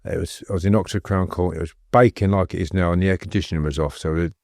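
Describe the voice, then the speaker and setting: Here a middle-aged guest speaks fast in a low, steady voice with vocal fry and a slightly mellow quality. Laughing as he goes, he tells rambling, anecdotal stories in a casual interview, captured in clean studio sound without echo.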